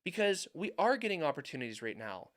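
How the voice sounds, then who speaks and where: A man's voice: a little high, very animated, fast talker, a bit bright. A young adult man giving market commentary over charts, emphatic and repeating points for stress. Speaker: finance YouTuber.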